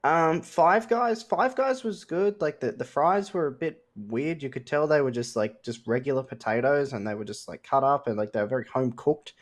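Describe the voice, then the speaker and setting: A young man, telling animated stories and swearing often on a casual podcast. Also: medium pitch, moderate pace, few pauses. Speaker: podcast host. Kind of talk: casual chat.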